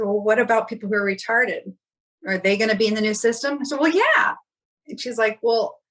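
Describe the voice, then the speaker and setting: A woman's voice: medium pitch, a bit bright, low-quality recording. Woman, podcast guest, candid reflective storytelling, mid-range voice. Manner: candid, reflective, voices others in quoted dialogue. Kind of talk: casual personal storytelling.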